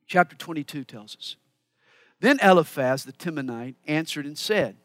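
A man with a high, bright voice delivers a sermon, working through scripture verse by verse and stopping to explain it. The sound is dry and close. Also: lively intonation, normal speed, no room sound. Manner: expository Bible teaching with asides. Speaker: preacher.

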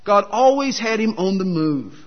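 A man's voice: high-pitched, big pitch swings, moderate pace. A man preaching a sermon, telling folksy jokes with a self-deprecating humor, recorded in a dull, echoey hall. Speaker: pastor.

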